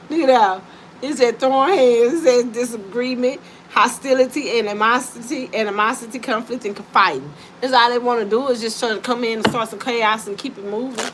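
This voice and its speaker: A woman doing a casual live-stream card reading, talking to her viewers in an animated, teasing and profane way and breaking into frequent laughter. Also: fairly high pitch, moderate pace. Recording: steady background noise.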